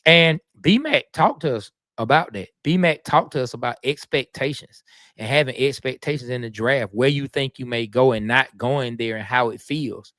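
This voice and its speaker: Measured man talking football. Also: medium pitch, a bit bright, dry recording, studio quality. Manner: stammering restarts, measured. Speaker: sports show host. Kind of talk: casual sports talk.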